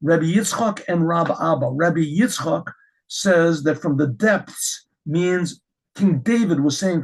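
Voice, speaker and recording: A middle-aged man teaching a Torah lesson as a rabbi, telling stories with lively restarts and repeated words. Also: a little high, takes it slowly, breathy edge, poor audio. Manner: animated storytelling with frequent restarts.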